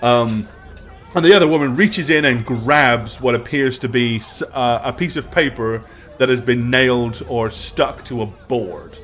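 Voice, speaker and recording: A man whose mid-range voice is a bit bright narrates as dungeon master in a tabletop game. He describes scenes in great detail, with frequent pauses and ums.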